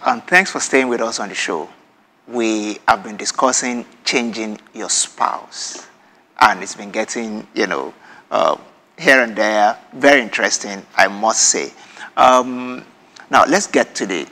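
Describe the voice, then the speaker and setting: Pembawa acara pria bersuara cerah dan bergema. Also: male voice, fairly low pitch, animated, unhurried, pushed and bright, in a large hall. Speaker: talk show host. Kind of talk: talk show hosting.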